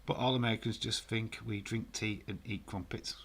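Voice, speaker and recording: This Yorkshireman's live stream is casual and jokey, peppered with fillers and swear words. He speaks at a moderate pace in a fairly low, gravelly, slightly bright voice with fairly even intonation.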